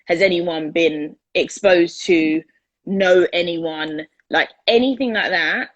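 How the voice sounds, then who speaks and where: Husky woman, earnest and animated. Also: on the low side, takes it slowly, no echo, lo-fi sound. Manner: earnest, animated, repeats words for emphasis. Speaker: peer educator. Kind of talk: casual discussion.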